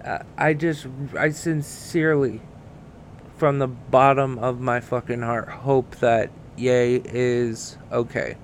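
A man hosting a casual solo commentary podcast, halting with many fillers and restarts and swearing freely. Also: medium pitch, steady tone, a little hiss or hum. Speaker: podcast host.

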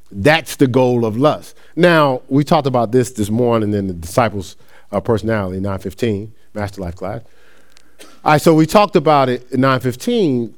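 Animated man teaching a Bible class. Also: medium pitch. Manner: reads scripture aloud, then explains with personal stories; restarts sentences and asks listeners "right?". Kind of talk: conversational Bible study teaching.

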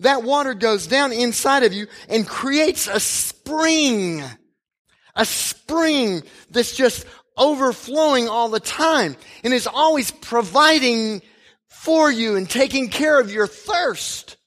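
A man voicing Jesus as a calm, patient teacher speaking earnestly to a woman in a retold story. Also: very high-pitched, takes it slowly, pitched above the performer's own voice, full character voice.

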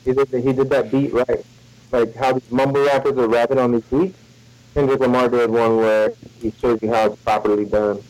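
A man's voice: medium pitch, little pitch movement, fairly quick, darkish tone, no room sound, low-quality recording. A man with a mid-range voice jumps into the chat, making his points with emphasis. His voice is recorded dry and close, with no room sound. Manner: chiming in, emphatic. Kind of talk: casual podcast banter.

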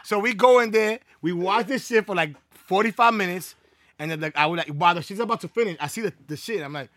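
A man telling a story in casual podcast chat, animated and profane, dropping into Spanish phrases. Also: sits high, fast, dry recording. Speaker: podcast co-host.

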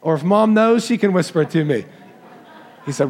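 A man's voice: high-pitched, lively intonation, normal speed, a little hiss or hum. A man preaching a Christmas sermon, talking with the children in the congregation and asking them questions. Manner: warm, conversational preaching, walks into the crowd asking kids questions. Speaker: pastor.

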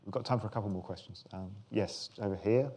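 A man's voice: fairly low pitch, quick pace, darkish tone. A man moderating a panel discussion, adding short reflective remarks and calling on the audience.

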